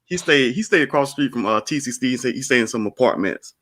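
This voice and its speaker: A man's voice: medium pitch, fast, dry recording. A man casually telling a story to a friend, full of slang, calling him man and dog. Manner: lively, slangy, says "man" and "dog" a lot.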